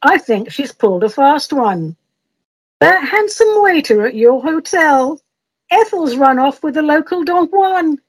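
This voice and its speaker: A woman voicing a gentle old medium. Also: high voice, animated, measured pace, voice pushed up, low-quality recording. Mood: soothing. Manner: soothing, sweet. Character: kindly old male medium, gentle and cheerful.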